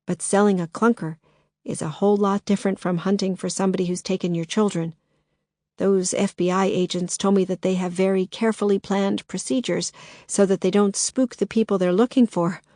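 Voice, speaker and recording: A woman's voice: mid-range voice, steady tone, fairly quick, dark tone, no room sound, studio quality, close to an everyday voice. A woman voicing a worried mother in a storybook, restrained and firm.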